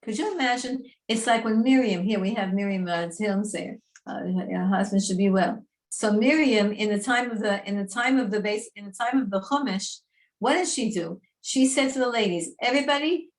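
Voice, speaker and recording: A woman teaching a Torah class in a lively, chatty, emphatic way. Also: mid-range voice.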